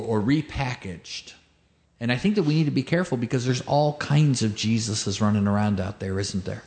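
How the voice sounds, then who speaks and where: A man's voice: mid-range voice, a little mellow. A male pastor preaching a sermon, emphatic, stacking repeated phrases and rhetorical questions, and telling a joke as a story.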